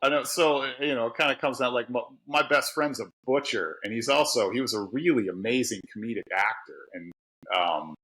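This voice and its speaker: A man's voice: medium pitch, brisk, sharp tone, rough recording. A middle-aged man from Pittsburgh with a Pittsburgh accent, talking candidly and laughing often as a podcast guest. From Pittsburgh, USA. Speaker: guest author and tradesman. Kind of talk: casual podcast conversation.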